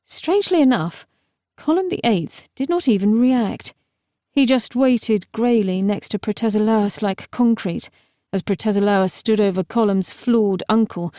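A woman narrates a fantasy audiobook in a steady, measured voice at a middling pitch. Her reading is clear and even. The recording is close-miked and dry, with no room sound. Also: no room sound. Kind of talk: scripted narration.

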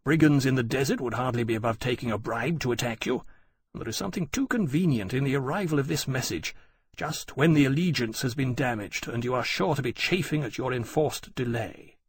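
A man's voice: medium pitch, brisk, slightly rough, dry recording. A man voicing a cautious male diplomat who speaks in formal, warning tones. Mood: cautionary.

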